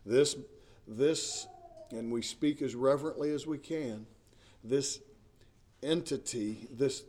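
A man's voice: medium pitch, takes it slowly, pauses often, a little mellow. A middle-aged male pastor preaching a sermon in an earnest, emphatic way, often repeating words as he searches for the next phrase.

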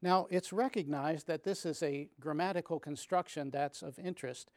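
A man with a slightly higher voice gives a calm, measured Bible study talk. He reads scripture aloud and explains it thoughtfully, with small pauses and restarts. The sound is dry and close. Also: no echo. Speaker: Bible teacher.

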